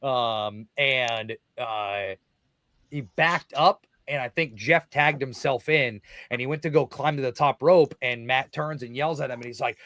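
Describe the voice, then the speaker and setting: A young man, a guest wrestler, telling stories in a podcast interview, excited and full of swearing, shouting out the quotes he acts out. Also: mid-range voice, a little slow, no room sound. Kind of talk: casual storytelling in a podcast interview.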